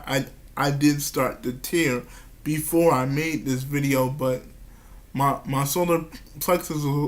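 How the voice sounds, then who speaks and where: A vlogger with a fairly high-pitched voice talks about his personal life. He halts and stammers, repeating words and giggling nervously between phrases.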